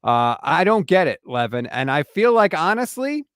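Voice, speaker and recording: Animated man co-hosting a podcast. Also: fairly high pitch, moderate pace, clean tone, no echo, clean studio sound. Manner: animated, reads listener reviews aloud, gets emphatic. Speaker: podcast co-host. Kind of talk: casual podcast chat.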